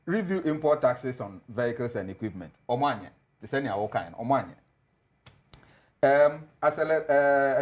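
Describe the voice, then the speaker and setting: A man with a Ghanaian accent, a TV panelist arguing politics and laughing at his opponents' claims. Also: mid-range voice. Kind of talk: political debate on TV, mixing Twi and English.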